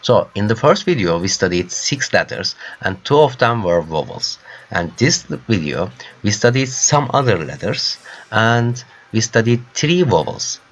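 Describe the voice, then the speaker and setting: Male tutor, Turkish native, fairly low voice with a lively rise and fall, unhurried delivery, patient repeat-after-me lesson style. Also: muffled recording. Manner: slow, patient, repeats words for practice; non-native English grammar. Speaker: language teacher. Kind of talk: language lesson explanation.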